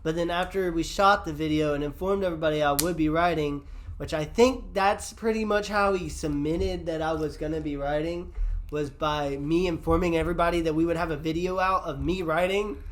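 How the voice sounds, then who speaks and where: A man's voice: a little high, steady tone, fairly quick. A man hosting a podcast who tells a wild story in casual chat, swearing freely and laughing as he talks. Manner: swears a lot, laughs while telling stories. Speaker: podcast host.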